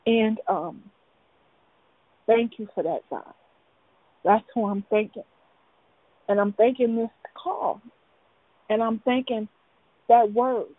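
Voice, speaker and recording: A woman calling in to share her testimony, speaking in an emotional, halting, earnest way. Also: a little high, fairly even intonation, no echo. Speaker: caller. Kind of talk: testimony and prayer on a call. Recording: tinny phone line.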